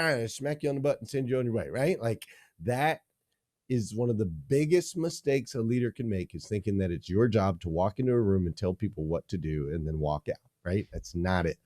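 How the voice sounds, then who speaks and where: A man's voice: fairly low pitch, lively intonation, brisk, dark tone. A man, a leadership coach, being interviewed on a podcast, teaching energetically in punchy, repeated phrases.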